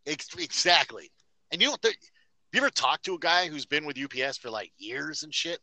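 A man's voice: a little high, animated, fairly quick, sharp tone, dry recording, rough recording. A man on a casual podcast, telling a story in a profane, ranting way. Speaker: podcast host.

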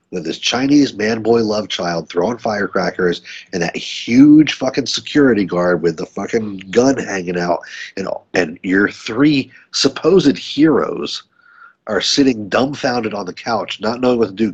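A man's voice: lowish voice, breathy edge, lo-fi sound. A man hosting a podcast in a casual, profane film-review chat, who acts out scenes as he talks about them. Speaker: podcast host.

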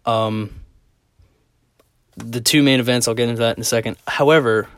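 A man's voice: medium pitch, steady tone, moderate pace, fairly bright tone, no room sound. A young man talking casually in a rambling monologue, swearing often and filling gaps with "like" and "um". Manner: rambling, profane, lots of "like" fillers. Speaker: vlogger.

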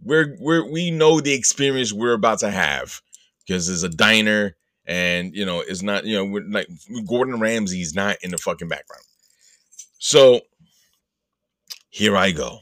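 Male podcast host, low-pitched and dry-sounding, for profane, rambling comic storytelling with quick put-on voices. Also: a bit bright, no echo. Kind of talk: casual comedic storytelling.

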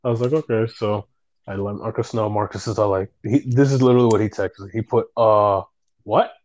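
A young man with a fairly low voice chats casually and relives his stories by acting out who said what, cursing and laughing freely. He is recorded close up in a dead, dry space with no room sound. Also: fairly even intonation, fast, warm tone, dry recording, muffled recording. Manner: retells stories with lots of reported dialogue, swears, laughs often. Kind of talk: casual chat.

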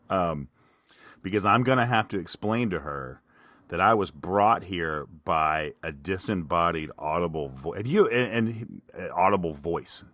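Kentucky guy, really low voice, rambling self-mocking comedy story, dry close mic. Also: lively intonation, normal speed, no room sound. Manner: rambling, self-mocking, jumps loud for quoted lines. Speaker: podcast host. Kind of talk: storytelling monologue.

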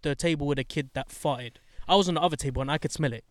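A young man telling a story in casual chat, animated, swearing and getting heated as he talks. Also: fast talker, no room sound. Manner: animated storyteller, swears, gets heated and high when indignant.

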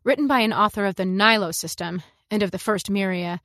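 A woman narrating a science fiction story in the first person, in a measured, reflective way. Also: medium pitch, a bit bright, no echo, studio quality. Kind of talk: scripted narration.

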